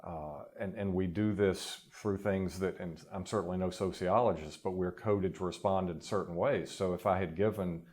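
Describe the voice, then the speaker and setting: A man with a very low voice speaks as a guest expert in a casual interview. He explains at length and picks up speed when an idea takes hold, with a dry, wry edge. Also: fairly even intonation, normal speed, hardly any pauses, darkish tone.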